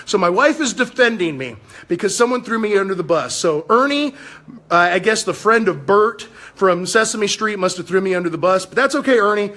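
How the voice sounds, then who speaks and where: A man's voice: high-pitched, animated, brisk, bright, forceful tone. A man in his fifties hosting a political livestream, talking in a fiery, combative, preaching way. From United States. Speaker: livestream host.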